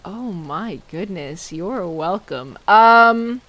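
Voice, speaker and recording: A woman streaming a game, chatting casually and playfully, mocking herself and exclaiming loudly when startled. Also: medium pitch, expressive, drawn-out words. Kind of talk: casual gameplay commentary.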